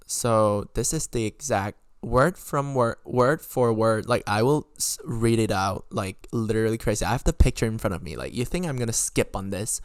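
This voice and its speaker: A young man hosting a podcast, telling a story in an animated, swearing monologue full of sudden indignant jumps in pitch. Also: normal speed, no echo, studio quality. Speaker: podcast host.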